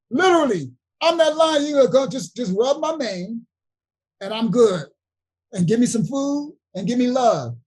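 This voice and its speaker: A man with leading a livestream Bible study, preaching in an animated, emphatic way straight to his viewers. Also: very high-pitched, moderate pace, poor audio.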